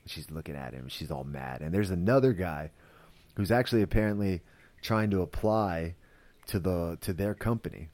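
A man's voice: low voice, expressive, moderate pace, a little mellow. A man hosting a podcast, recapping a series in a loose, rambling way, full of "like" and "you know" and frequent swearing. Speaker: podcast host reviewing a series. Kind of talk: casual spoken recap.

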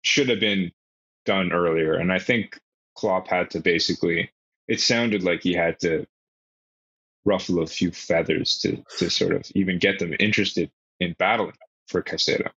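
A man's voice: deep voice, steady tone, normal speed, a bit bright, slightly rough, dry recording. A man co-hosting a casual football podcast, joking and swearing freely. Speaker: podcast co-host. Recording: dull lo-fi sound.

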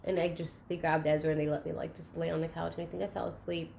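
A woman in candid personal chat, talking in an earnest, open way and often softly. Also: low-pitched, flat delivery, fast talker, vocal fry, a little hiss or hum. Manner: earnest, open, soft-spoken at times.

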